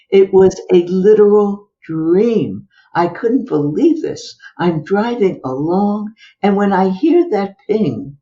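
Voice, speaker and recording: An older woman, a psychologist as interview guest, telling a personal story with animated exclamations. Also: mid-range voice, lo-fi sound.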